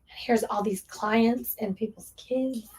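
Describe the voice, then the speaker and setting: Over crowd noise, a woman who runs a relief shelter remembers a hard moment through tears, speaking slowly in an East Tennessee accent with Southern phrasing. Her voice is a little high with fairly even intonation, and the conversation is earnest and heartfelt.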